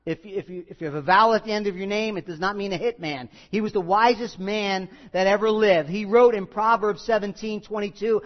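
Male pastor, sermon delivery; high-pitched, earnest with light humor; muffled recording. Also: fairly quick, few pauses, long reverb tail. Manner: earnest preaching with asides and small jokes.

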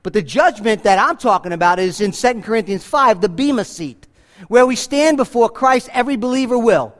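A man's voice: sits high, animated, a little fast. A man preaching a sermon as pastor, earnest and conversational, with emphatic asides to the congregation. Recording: reverb from a large hall.

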